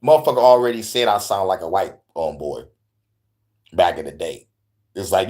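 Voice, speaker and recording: A man's voice: sits low, normal speed. A young man hosting an online talk show, reacting in casual, profane slang and laughing often. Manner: animated, laughing, swearing, slangy. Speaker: host.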